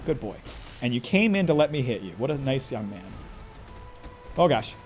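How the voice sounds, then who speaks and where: A man's voice: medium pitch, very animated, moderate pace, faint music behind. A man commentating live on his own gameplay in a chatty way, talking to himself and to the enemy and exclaiming often. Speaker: game streamer.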